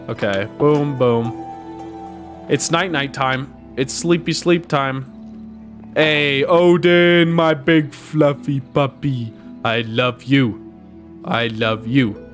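A young man streaming a game in a goofy, playful way, trash-talking the monsters and chatting to his viewers. His voice sits at an ordinary middle pitch. Music plays clearly behind him. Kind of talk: casual gameplay commentary.

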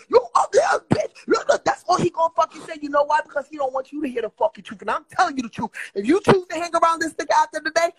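Fiery high-voiced Brooklyn woman. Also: a bit bright, poor audio. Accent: Brooklyn New York. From Brooklyn, New York. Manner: blunt, profane, confrontational, lecturing. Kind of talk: heated livestream rant.

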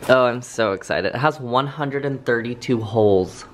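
A young man talks to his camera in a loose, rambling way, full of fillers and asides. His voice sits at an ordinary middle pitch. The home recording has clear ambient noise behind him. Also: moderate pace. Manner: chatty, rambling, lots of "like" fillers. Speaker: vlogger. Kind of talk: casual vlog chat to camera. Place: Los Angeles, at home and in a car.

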